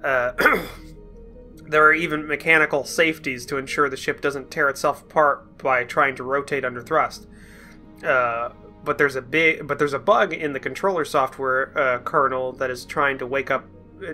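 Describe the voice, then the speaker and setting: A man reading the lines of a calm, reasonable male ship doctor in an even, matter-of-fact way. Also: mid-range voice, moderate pace, soft background music.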